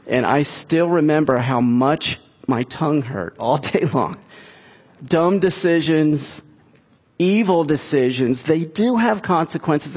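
A middle-aged man preaching a sermon, retelling a scripture story and giving the characters' lines in a raised, animated voice. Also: fairly high pitch, husky. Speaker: pastor.

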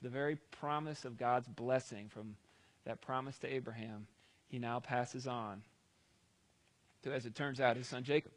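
A man's voice: mid-range voice, steady tone, normal speed, no room sound. A man preaching a sermon, retelling a scripture story in a conversational way with wry asides.

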